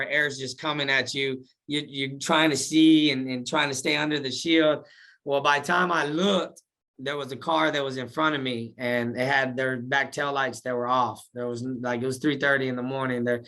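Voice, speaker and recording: A man speaks at normal speed in a medium pitch, walking through his life story in an informal interview. Animated and slangy, he replays his own past words as if saying them again.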